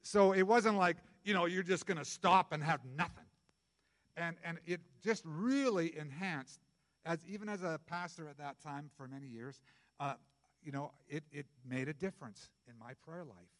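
A middle-aged male pastor preaching a sermon in a conversational, jokey way, jumping from loud bursts to soft asides. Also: on the high side, moderate pace, in a large hall.

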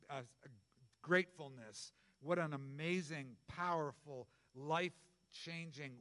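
A middle-aged male pastor preaching a sermon in a conversational, jokey way, jumping from loud bursts to soft asides. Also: medium pitch, long reverb tail.

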